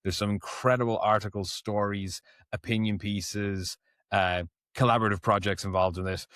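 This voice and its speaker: A man's voice: on the low side, fairly even intonation, normal speed, fairly bright tone, no room sound, clean studio sound. A man hosting a casual motorsport podcast, talking loosely and often restarting his phrases. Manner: chatty, restarts phrases, reads sponsor plugs. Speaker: podcast host.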